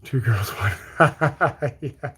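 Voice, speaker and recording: A man's voice: mid-range voice, animated, drawn-out words, a bit bright, breathy edge. A man from Bermuda with a Bermudian accent mixed with Texas country, hosting a casual livestream and reading out viewer comments with loose, joking replies. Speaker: livestream host.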